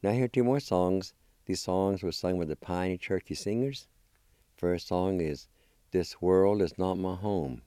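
A man's voice: low-pitched, unhurried, dark tone, clean tone, no echo, studio quality. A man teaching a spelling and pronunciation lesson, patiently sounding out syllables one at a time and encouraging his learners. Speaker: language teacher.

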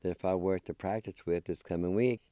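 A man's voice: low-pitched, fairly even intonation, a little fast, dark tone, clear, resonant tone, dry recording, clean studio sound. A man teaching a spelling and pronunciation lesson, patiently sounding out syllables one at a time and encouraging his learners. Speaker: language teacher.

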